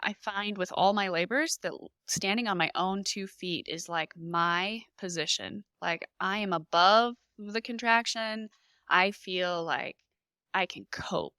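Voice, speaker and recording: Bright, clear-voiced woman telling her story. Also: mid-range voice, measured pace, no room sound. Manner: animated, emotional retelling with lively reenacted quotes. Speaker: podcast guest. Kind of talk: personal storytelling in a podcast interview.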